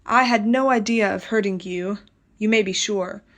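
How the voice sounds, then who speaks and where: A woman reading the lines of a patient husband who gently coaxes his frightened wife. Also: mid-range voice, moderate pace, close to an everyday voice. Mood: coaxing. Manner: steady, reassuring, coaxing.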